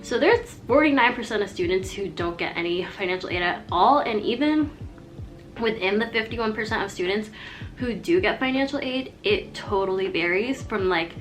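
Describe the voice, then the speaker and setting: A woman's voice: medium pitch, normal speed, soft background music. A young adult woman, a college student, talking through a casual advice vlog in a chatty, rambling way, often saying "like". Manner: chatty and rambling, heavy use of "like".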